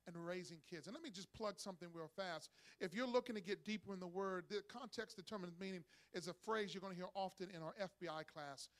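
High-voiced energetic man preaching. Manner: energetic preacher calling for congregation responses; acts out voices in a joke with rising excitement. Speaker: pastor. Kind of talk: sermon. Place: church.

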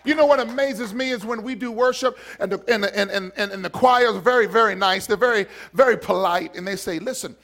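High-voiced fiery preacher man. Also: a little fast, hardly any pauses. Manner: fiery, shouting, call-and-response with congregation; acts out quoted voices and repeats words for emphasis. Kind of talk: live sermon.

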